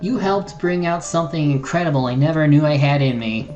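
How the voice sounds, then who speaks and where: A streamer voicing a soft-hearted, forgiving young woman paladin and healer, reading game dialogue aloud with stumbles and restarts. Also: low-pitched, a little fast, dull audio, soft background music, close to an everyday voice. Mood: tender.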